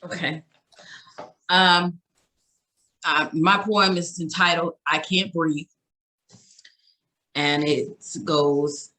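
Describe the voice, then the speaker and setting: A woman reading her spoken word poem in a measured, rhythmic, rhyming delivery. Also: low voice, fairly even intonation, pushed and bright, poor audio.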